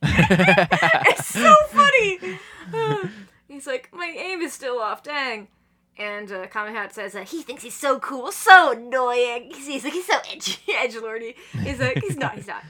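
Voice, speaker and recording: A woman chatting on a podcast, excitedly retelling manga chapters and acting out the characters' lines between laughs. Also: a little high, moderate pace, a crowd in the background. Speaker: podcast guest. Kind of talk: casual chat recapping manga chapters.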